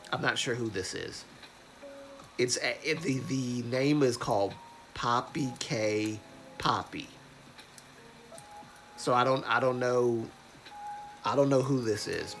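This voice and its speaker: A congested young man with a cold reads news aloud on his livestream, slowly and haltingly, often stopping to correct himself and start over. His voice sits at an ordinary middle pitch, and music plays clearly behind him throughout. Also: fairly bright tone. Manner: slow, halting reading with restarts and self-corrections. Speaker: livestream host.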